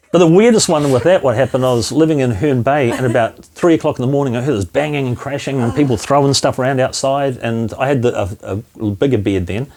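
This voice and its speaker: A comedian from New Zealand with a New Zealand accent, telling stories in casual chat and laughing through them. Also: male voice, medium pitch, noisy background. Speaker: comedian guest.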